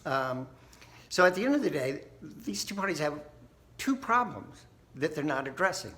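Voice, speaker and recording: A man's voice: on the high side, big pitch swings, moderate pace, bright, forceful tone. A man hosting a think tank video, talking casually and folksily, often laughing and tagging "right?" onto his points. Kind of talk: casual talk to camera.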